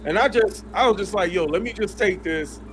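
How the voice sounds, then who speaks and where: A man on a podcast telling laid-back stories in slangy, rambling talk. His voice is quite high for a man. Faint noise sits in the background. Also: brisk, a bit bright. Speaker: podcast guest. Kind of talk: casual storytelling.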